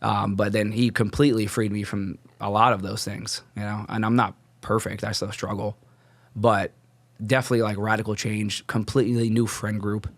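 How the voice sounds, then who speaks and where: A man's voice: lowish voice, flat delivery, moderate pace, no room sound. A young man telling his personal faith story as a podcast guest, casual and rambling, full of "like" fillers and restarts. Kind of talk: casual testimony.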